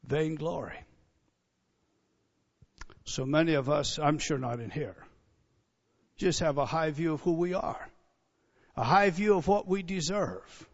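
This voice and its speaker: A man's voice: fairly high pitch, unhurried, long pauses. Emphatic preacher, man, lo-fi recording. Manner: emphatic preaching, rising to near-shouts on key phrases. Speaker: pastor. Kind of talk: sermon. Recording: dull lo-fi sound.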